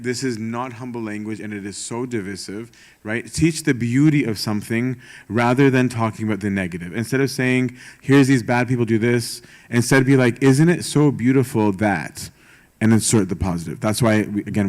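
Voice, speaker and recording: Lowish-voiced young guy preaching, chatty and sarcastic, lots of um and right?. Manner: informal, rhetorical, frequent "right?" and "um"; self-aware sarcastic humor. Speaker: priest giving a retreat talk. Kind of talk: conversational sermon.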